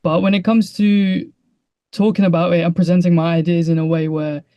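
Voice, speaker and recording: Young man, hesitant, rambling restarts, mellow dark voice, dry dull recording. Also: high-pitched, flat delivery, brisk, dry recording. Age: young adult. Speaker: guest, 3D environment artist. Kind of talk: podcast conversation.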